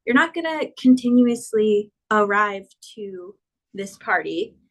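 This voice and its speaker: A woman's voice: mid-range voice, lively intonation, poor audio. Patient woman teaching a grammar lesson. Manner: patient, spells out verb endings, slows down for examples. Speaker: Spanish teacher.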